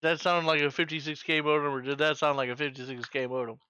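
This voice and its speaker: A man's voice: fairly high pitch, level tone, fast talker, bright, forceful tone, clear, resonant tone, dry recording. A man in his forties hosting a trivia night in casual chat, joking, swearing freely and making sound-effect noises. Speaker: trivia host.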